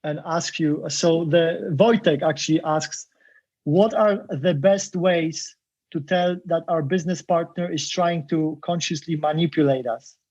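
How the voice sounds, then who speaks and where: A man's voice: on the high side, steady tone, unhurried, darkish tone. Rich A polite male podcast host with a slightly raised voice, thanking his guest and putting a question to him. The recording sounds dull and lo-fi. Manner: polite, deferential. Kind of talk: casual interview.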